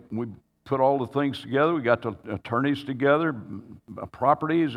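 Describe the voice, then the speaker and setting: A pastor telling a personal story in a sermon, earnest and halting, with frequent restarts that build to emotional pleading. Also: male voice, mid-range voice, big-room sound. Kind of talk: sermon testimony.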